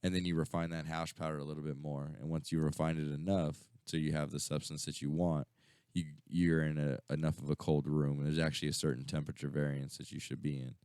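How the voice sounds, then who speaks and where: Speaking quickly in a level tone, a radio co-host with a rumbling low, slightly mellow voice sounds clear and resonant. He rambles and swears through his stories, with constant fillers and restarts, recorded in clean studio sound without echo.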